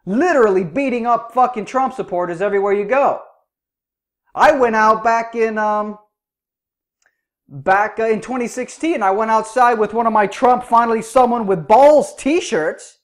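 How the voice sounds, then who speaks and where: A man's voice: high voice, moderate pace. A man hosting a reaction commentary, ranting angrily and swearing a lot. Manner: angry, profane ranting. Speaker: host.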